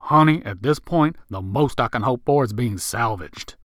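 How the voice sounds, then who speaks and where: A man voicing a sassy, flirty drag queen with a low, teasing drawl. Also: expressive, normal speed, a bit bright, dry recording, studio quality, natural voice.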